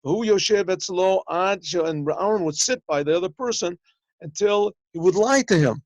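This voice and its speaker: A man's voice: high voice, normal speed, a little mellow, dry recording. Male rabbi, lesson tone, acts out small dialogues in his stories, slightly muffled lo-fi call audio. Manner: explains in plain talk, translating Hebrew phrases as he goes. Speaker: rabbi teaching a yeshiva class. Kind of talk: Torah lesson over a video call.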